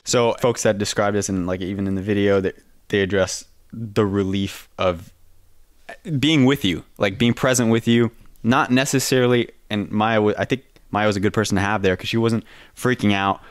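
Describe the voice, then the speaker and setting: A man's voice: lowish voice, fairly even intonation, normal speed, smooth, dry recording, clean studio sound. A man hosting a podcast, asking curious questions in a casual manner and swearing freely. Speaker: podcast host. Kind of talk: casual interview chat.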